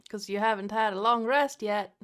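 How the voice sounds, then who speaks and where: A woman's voice: medium pitch, moderate pace, fairly bright tone. A woman acting as game master, running a tabletop session in an upbeat, easygoing way.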